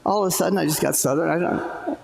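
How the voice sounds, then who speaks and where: A man's voice: a little high, quick pace, gravelly, darkish tone, slight background noise. A man preaching a sermon in a church, talking in a loose conversational way and joking with the congregation. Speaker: pastor. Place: church sanctuary. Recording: echoey hall, live church stream. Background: church hall reverb.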